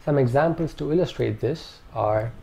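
A man calmly narrating a pronunciation lesson with measured, precise enunciation. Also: medium pitch, creaky, husky. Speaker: language teacher. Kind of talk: instructional narration.

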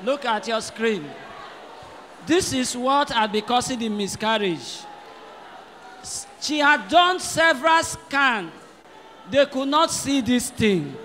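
A male pastor leading a church service, giving directions and then stirring the congregation with shouts. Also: extremely high pitch, animated, takes it slowly, pauses often, big-room sound, some chatter behind, a little hiss or hum. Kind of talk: sermon. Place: church hall.

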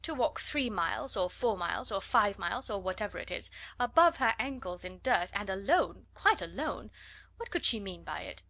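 A haughty young society lady full of scorn, her sneers wrapped in polished, affected manners, as a woman reader puts her on. The voice sits at a middling pitch for a woman and carries the contempt in its phrasing. It is an audiobook reading. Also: expressive, normal speed, sharp tone. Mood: scornful. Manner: scornful, mocking.

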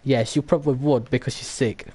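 Man, gaming streamer, crude, mocking, stammering, medium pitch. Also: steady tone, a little fast, dark tone, slightly rough. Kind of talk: casual stream banter.

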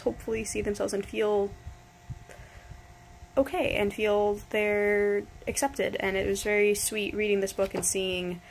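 A woman's voice: mid-range voice, a little hiss or hum, poor audio. A woman in her twenties from New York, gushing about a book in a rambling casual review with restarts and casual swearing. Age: 20s.

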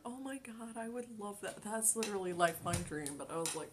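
A woman's voice: on the high side, animated, normal speed, slight background noise. A woman streamer in casual chat, talking loosely with many ums and likes and laughing often. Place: home kitchen.

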